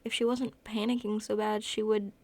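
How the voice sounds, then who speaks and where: Flat, gravelly woman reading a story. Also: medium pitch, normal speed. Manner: even storytelling with frequent self-corrections. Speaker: narrator. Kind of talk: reading fan fiction aloud.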